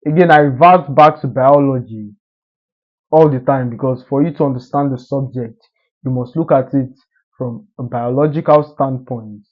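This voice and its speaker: A man giving an assertive, emphatic motivational monologue in a lecturing manner. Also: mid-range voice. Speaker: social media commentator. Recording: dull lo-fi recording.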